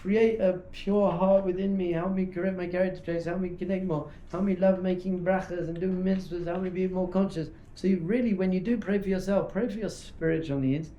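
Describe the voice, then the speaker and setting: A rabbi teaching in a lively, conversational way. His voice sits fairly high for a man but sounds mellow, with noticeable echo from the room. He keeps slipping into little acted-out dialogues to make his points. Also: brisk, hardly any pauses, highs cut off. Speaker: rabbi giving a talk. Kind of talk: informal teaching talk. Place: talk hall at a yeshiva. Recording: echoey room.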